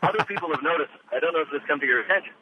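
A man hosting a radio quiz show, chatting casually and animatedly about a trip. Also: rapid-fire. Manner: lively and animated, jumping up in pitch. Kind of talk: casual radio interview chat. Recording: tinny phone line with faint noise.

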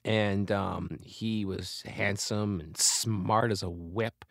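Guest spot: older man, low voice, reflective storyteller, dry close-mic sound. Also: fairly even intonation, slow, creaky, dry recording. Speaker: comedian and author, guest. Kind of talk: conversational interview.

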